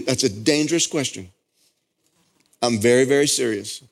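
A middle-aged man with a drawl preaches from the pulpit, telling a story with rising fervor. His voice sits at an ordinary pitch and climbs as he presses his point. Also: normal speed, creaky, pauses often. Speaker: pastor. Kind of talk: sermon.

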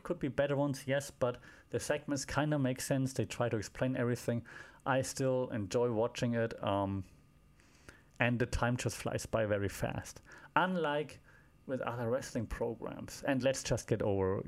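A man talking through a casual solo podcast recap at a mid-range pitch. He rambles, stacks up fillers and restarts, and drops wry asides as he goes. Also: a little mellow. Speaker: podcast host.

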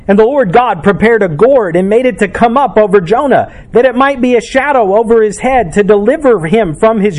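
A man's voice: high voice, a little mellow. A man preaching a sermon as pastor, reading scripture and explaining it with emphatic delivery.

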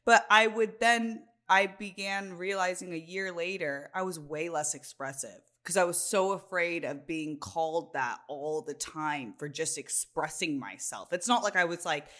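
A woman's voice: lowish voice, bright, forceful tone. A woman co-hosting a podcast who talks expressively and swears freely. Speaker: podcast co-host. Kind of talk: casual podcast chat.

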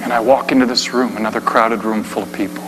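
Dramatic preacher in an echoing hall. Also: male voice, on the low side, fairly even intonation, quick pace. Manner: swings between hushed and shouted. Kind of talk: dramatic storytelling sermon. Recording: long hall reverb, faint hum.

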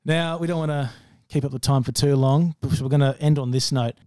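A young man hosting a podcast in casual chat, excitable and laughing often, calling people mate and bro. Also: medium pitch, fairly quick, dry recording, clean studio sound. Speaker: podcast host.

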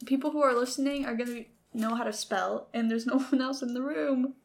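A woman's voice: a little high, fairly even intonation, a little fast, vocal fry. A young woman chatting casually on a podcast in a bedroom, giggly and rambling. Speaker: podcast co-host. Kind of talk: casual chat.

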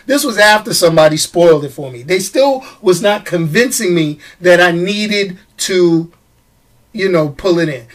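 A man hosting a casual live show, talking straight to his commenters with quick restarts, repeated phrases and frequent laughter. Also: high-pitched. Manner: animated, stammering restarts, laughs often, talks to commenters. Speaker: show host. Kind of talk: casual live-stream chat.

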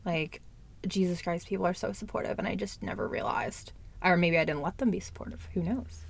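A woman's voice: on the low side, brisk, vocal fry, breathy edge. A young adult woman talking candidly in a casual chat, lots of "like" and the odd swear word. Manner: candid, chatty, fillers and swearing.

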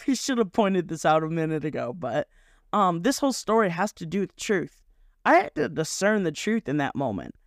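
Earnest high-voiced young man podcaster. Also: no room sound, clean studio sound. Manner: rambling, self-correcting, earnest. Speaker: podcast host. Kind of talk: casual devotional podcast talk.

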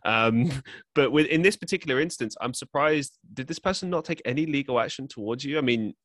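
A man's voice: mid-range voice, a little fast, a bit bright, dry recording, studio quality. A man hosting a podcast, asking long, rambling questions full of hedges and fillers. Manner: rambling, hedging questions full of likes and I means. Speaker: podcast host. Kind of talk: casual interview talk.

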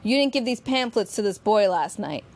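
A woman's voice: mid-range voice, lively intonation, normal speed. A woman reading aloud, voicing a suspicious male investigator who questions bluntly and taunts. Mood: interrogating.

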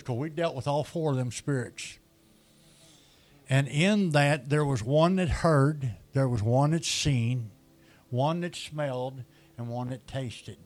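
A man, a guest speaker telling his testimony in a sermon and acting out the dialogue as he goes. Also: on the high side. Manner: storytelling with quoted dialogue.

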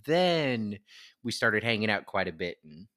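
A man co-hosting a podcast, casually telling animated stories and swearing freely. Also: lowish voice, measured pace, no room sound, studio quality. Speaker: podcast co-host. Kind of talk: casual chat.

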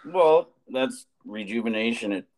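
His medium-pitched voice is a little mellow, unhurried, and lively in intonation. He's a teacher in his forties co-hosting a podcast, chatting casually through a rambling tale with restarts and plenty of laughter.

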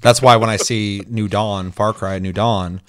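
A man hosts a loose gaming podcast in a lowish voice. He swears freely and jumps into jokey, high quoted voices while riffing. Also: steady tone, a little slow. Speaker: podcast host. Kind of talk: casual gaming podcast chat.

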